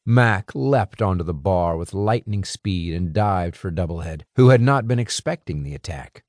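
Low-voiced dramatic male audiobook narrator. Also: normal speed, dry recording, clean studio sound. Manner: dramatic, expressive. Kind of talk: scripted narration. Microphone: close studio mic.

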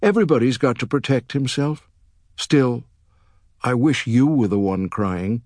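A man's voice: medium pitch, expressive, unhurried, darkish tone, no room sound, pitched above the performer's own voice. A man reading an audiobook, voicing a tearful, earnest young woman who works as a political chief of staff, with his voice raised.

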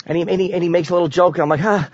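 A man's voice: high-pitched, fairly even intonation, racing, breathy edge, no room sound. A man in his forties, a comedian on a radio show, chatting in a profane, self-deprecating way with stammering restarts. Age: 40s. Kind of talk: casual radio banter. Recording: dry, slightly muffled studio sound.

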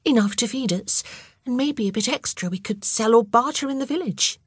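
A matter-of-fact younger sister offering practical help, as a woman narrator voices her. The voice rises somewhat above the narration, husky and close-miked in a dry room. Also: high-pitched, animated, slow pace, no room sound, pitched above the performer's own voice, full character voice. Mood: helpful.

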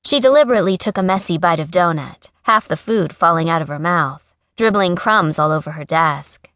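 A woman narrating a contemporary romance audiobook in a smooth, even storytelling manner on a close studio mic. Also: lowish voice, a little fast, no echo.

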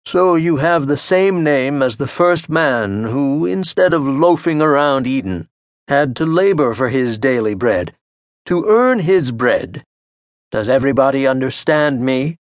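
A man's voice: medium pitch, lively intonation, unhurried, dry recording, lightly acted. A man voicing an older male baker patriarch, jovial and boastful, in a hearty, sermonizing manner for an audiobook. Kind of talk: audiobook character voice. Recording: dry studio audio.

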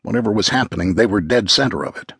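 Low, husky male audiobook narrator. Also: animated, quick pace, a bit bright, dry recording, studio quality. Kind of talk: scripted narration.

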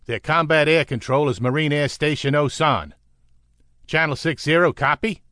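A man's voice: fairly high pitch, moderate pace, bright, forceful tone, no room sound, studio quality. A man voicing a clipped, businesslike male carrier radio controller with a Bronx accent. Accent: New York (Bronx).

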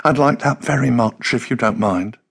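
A male audiobook narrator voicing a sad young woman, speaking softly in a raised, melancholy tone. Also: moderate pace, vocal fry, husky. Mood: pleading. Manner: soft, melancholy, pitched up. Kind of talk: audiobook character voice.

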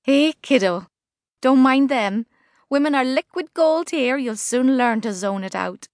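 A woman voicing a brash, chatty expat woman with a Liverpool accent in an audiobook, loud and cheeky. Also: high voice, expressive, unhurried, dry recording, clean studio sound, pitched above the performer's own voice. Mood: breezy. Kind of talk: audiobook character voice.

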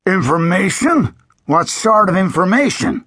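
A man voicing a gruff, scornful old frontier sheriff in an audiobook, with a growling, mocking delivery. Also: high-pitched, big pitch swings, measured pace, a bit bright, no room sound, clean studio sound, pitched above the performer's own voice, exaggerated voice. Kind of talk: audiobook character voice.

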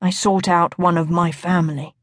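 A brusque, mysterious nobleman from a romance audiobook, voiced by a woman narrator, speaking in a lowered, commanding voice. His lines are dry and close, with a somewhat different timbre from the narration. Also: flat delivery, normal speed, no echo, close to an everyday voice. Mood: puzzled muttering. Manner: deep commanding tone.

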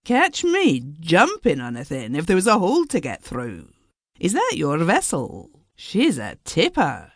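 Woman acting out a chirpy Scottish young man, boastful, lively, slow. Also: deep voice, dry recording, clean studio sound, exaggerated voice. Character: cheeky cheerful young Glasgow lad, new cook.

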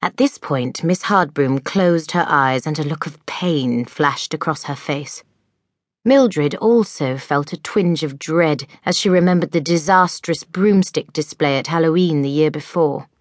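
Low-voiced woman reading a children's story. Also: measured pace, no room sound, clean studio sound. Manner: expressive storytelling. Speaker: audiobook narrator. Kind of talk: scripted narration.

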